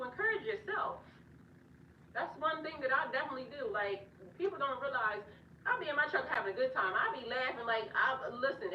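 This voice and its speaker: A woman's voice: medium pitch, slight background noise. Chatty woman vlogger, echoey and distant. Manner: chatty, animated, laughs often. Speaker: spiritual vlogger. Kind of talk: casual rambling talk to viewers. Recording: echoey distant dull recording.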